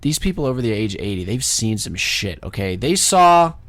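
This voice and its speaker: Lively animated tipsy man joking. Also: lowish voice, brisk. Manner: animated, swearing, joking storyteller. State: tipsy from vodka. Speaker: podcast co-host. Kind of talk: casual comedy podcast banter.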